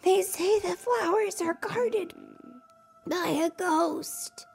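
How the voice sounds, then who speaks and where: A woman voicing a sick young mermaid with a hoarse sore throat, in a storybook reading. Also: very high voice, extremely slow, soft background music, voice pushed up, full character voice. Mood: weak and frightened.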